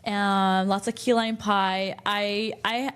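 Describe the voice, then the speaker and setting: A woman's voice: medium pitch, flat delivery, takes it slowly, clean tone. A young adult woman co-hosting a podcast, chatting enthusiastically and giving travel tips. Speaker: podcast co-host. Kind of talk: casual chat.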